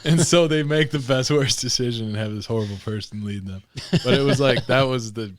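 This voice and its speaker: A man's voice: mid-range voice, a little fast, no room sound, clean studio sound. A man from Michigan, a podcast guest, chatting and joking. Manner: animated, joking. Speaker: podcast guest, foster parent. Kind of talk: casual chat.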